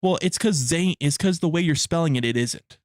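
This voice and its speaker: A man's voice: a little high, fairly quick, a little mellow, no room sound. Young man, live-stream chat, rambling and cussing, dry close desk mic. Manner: rambling, profane, laughs a lot.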